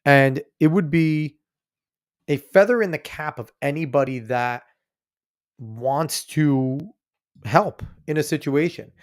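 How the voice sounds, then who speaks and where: A man's voice: a little high, takes it slowly. Blunt, profane male podcast host. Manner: blunt and profane, talks straight to listeners. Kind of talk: casual commentary on a played clip.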